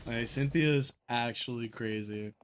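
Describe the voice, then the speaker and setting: A man's voice: mid-range voice, measured pace, slight background noise. A man streaming a game, joking with his chat, swearing and laughing often. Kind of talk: live gameplay commentary.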